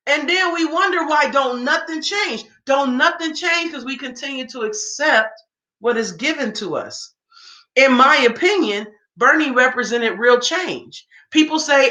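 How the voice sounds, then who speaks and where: A woman's voice: sits high, lively intonation, a little slow, pushed and bright. A woman giving a reaction commentary rant, emphatic and informal, firing off rhetorical questions. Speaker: political commentator. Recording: roomy echo.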